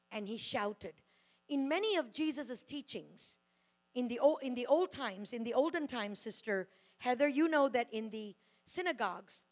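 A woman preaching a sermon in a church hall, loud and fervent, with quick asides and restarts. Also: on the high side.

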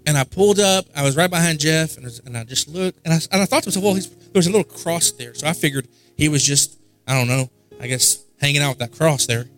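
A man preaching at a worship night, his voice sitting a little high. He tells his story casually and circles back on his phrases for emphasis. Quiet music plays softly under him. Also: fast talker. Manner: conversational storytelling with repetitions. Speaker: pastor. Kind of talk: sermon. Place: church service.

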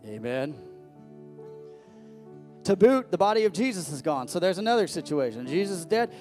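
Pastor guy preaching, kinda high voice, chatty then suddenly loud, faint music under it. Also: sing-song, moderate pace. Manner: conversational preaching with sudden emphatic rises. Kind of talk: sermon.

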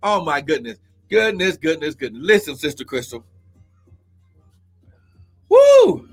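A man preaching a charismatic prophetic sermon, breaking into shouted exclamations and repeated phrases. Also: a little high, animated, slightly rough, soft background music. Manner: shouting exclamations and drawn-out repetitions. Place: church service, live.

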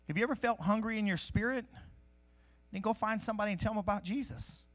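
A man preaching a sermon in a conversational, animated way, teaching from scripture with jokes and asides. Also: high-pitched, fast talker. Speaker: pastor. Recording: live-streamed sermon.

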